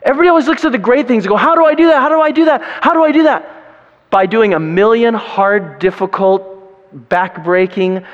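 Animated male preacher in a reverberant hall. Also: dull audio. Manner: animated storytelling with big pitch swings. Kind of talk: sermon.

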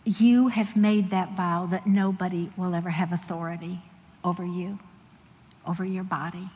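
A woman telling stories in a sermon, animated and laughing often as she acts out the people in them. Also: on the low side, normal speed. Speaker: Christian speaker. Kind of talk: sermon storytelling. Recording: long hall reverb.

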